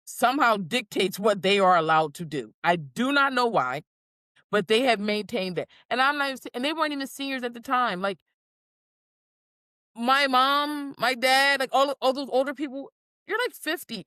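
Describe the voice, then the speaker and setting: A woman's voice: on the high side, no room sound. A woman in her forties co-hosting a podcast, chatting casually and acting out little quoted scenes as she tells stories. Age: 40s. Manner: animated storyteller, acts out quotes. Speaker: podcast co-host. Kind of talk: casual chat.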